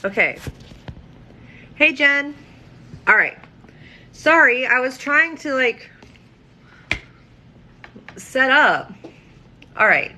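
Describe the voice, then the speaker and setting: A woman's voice: high voice, sing-song, extremely slow, pauses often, sharp tone, slight background noise, low-quality recording. A woman giving tarot readings on a livestream, casual and scattered, with frequent ums and likes and free swearing.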